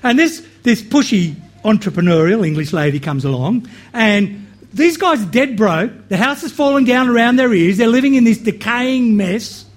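High-voiced man preaching a sermon. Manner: slow, emphatic preaching with animated asides.

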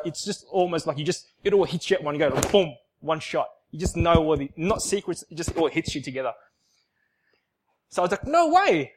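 High-voiced man, emotional testimony. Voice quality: emphatic and repetitive, swings from loud outbursts to soft near-whispers. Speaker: speaker giving a personal testimony.

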